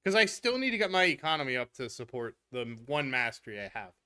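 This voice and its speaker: A woman's voice: very deep voice, sing-song, quick pace, sharp tone. A woman gaming streamer chatting casually while she plays, telling stories with frequent laughs and trailing restarts. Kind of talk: casual chat while playing a game.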